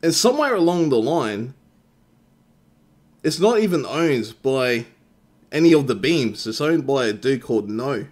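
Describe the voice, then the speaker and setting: A man's voice: mid-range voice, sing-song, unhurried, pauses often, darkish tone. A young Australian man hosting a game tournament live-stream, chatting casually with his viewers and swearing freely.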